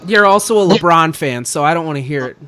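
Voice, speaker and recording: A man's voice: on the high side, animated, fast talker, sharp tone, smooth. Young man ranting on a sports podcast. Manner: ranting, exasperated fan. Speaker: podcast co-host. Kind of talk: casual sports podcast chat.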